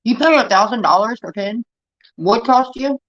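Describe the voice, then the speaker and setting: A woman's voice: on the high side, expressive, normal speed, highs cut off. A woman livestreaming, telling a rambling, profane story in a casual chat that keeps getting sidetracked.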